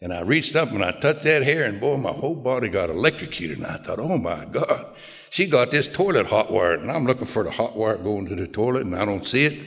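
An older man's lowish, fairly bright voice swings widely in pitch as he tells his personal story a little fast. His style is folksy and plain-spoken, full of self-mocking humor. Long hall reverb surrounds the recording.

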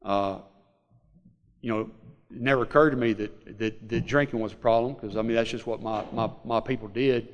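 A middle-aged man with a Southern US accent, telling a personal recovery story to a group in a halting, rambling way, full of fillers. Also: mid-range voice, steady tone, dull audio. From Mississippi Delta, USA. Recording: long hall reverb.

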